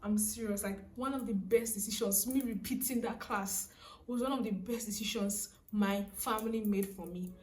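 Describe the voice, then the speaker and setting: A young woman in her twenties with a Nigerian accent, telling a personal story casually to camera in a chatty, animated way. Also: mid-range voice, moderate pace, roomy sound, recorded from a distance. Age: young adult. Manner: chatty, animated, laughing, frequent "so, like". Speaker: vlogger.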